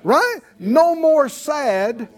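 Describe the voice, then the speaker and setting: A man's voice: very high voice, very animated, extremely slow. A man preaching a sermon in a conversational way, calling out questions to the congregation.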